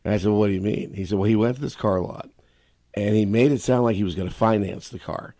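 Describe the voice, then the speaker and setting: Low-voiced man, quick chatty anecdote teller on radio. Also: warm tone.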